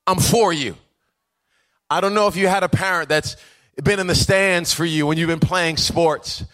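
A man preaching a sermon, moving between quiet conversational asides, chuckling stories and a rising, rhythmic preacher's cadence. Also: sits high, normal speed. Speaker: pastor.

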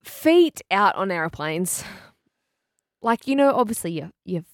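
A woman co-hosting a podcast, bubbly and animated, quick to laugh in casual chat. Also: mid-range voice, dry recording, clean studio sound. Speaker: podcast co-host.

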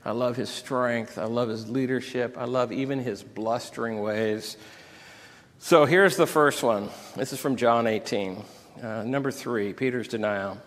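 A man delivers an emotional sermon, at a middle pitch, moving between scripture readings and heartfelt personal stories. His voice rises in intensity as he reads the passages aloud. A long reverb from the church sanctuary trails after his words. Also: a little slow. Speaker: pastor.

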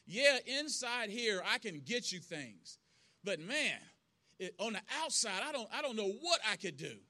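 A preacher voicing a weary old convict. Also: male voice, sits high, big pitch swings, measured pace, bright, forceful tone, heavily acted. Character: weary aging male convict, resigned and fearful.

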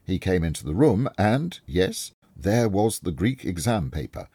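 A man reading a story aloud, voicing a calm, clever male detective who explains things step by step and is kindly but firm. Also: low voice, unhurried, slightly rough, dry recording, clean studio sound, pitched above the performer's own voice, heavily acted. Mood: explaining. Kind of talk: audiobook reading.

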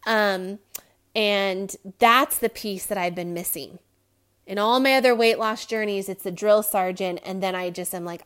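A woman's voice: mid-range voice, a little slow, a bit bright, smooth. A woman hosting a podcast, talking to listeners in a candid, rambling personal monologue with frequent fillers and small laughs. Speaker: podcast host.

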